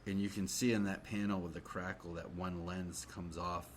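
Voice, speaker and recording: A man co-hosting a podcast, talking through a comic in a relaxed, hesitant way with many fillers. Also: low voice, moderate pace, a little hiss or hum. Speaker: podcast co-host. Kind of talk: casual chat about comics.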